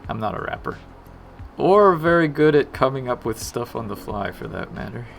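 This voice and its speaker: A man with a gravelly, creaky voice chats casually while he works on a live stream. He is self-deprecating and drops into quiet mutters, with faint music under his talk. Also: mid-range voice, lively intonation, normal speed. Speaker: game developer streaming his work.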